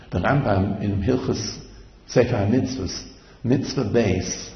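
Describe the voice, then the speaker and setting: A man's voice: mid-range voice, vocal fry. A man giving an impassioned Torah lecture, mixing Hebrew terms into his English. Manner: impassioned, quotes Hebrew and Yiddish-inflected terms. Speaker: rabbi. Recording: echoey hall, dull lo-fi sound.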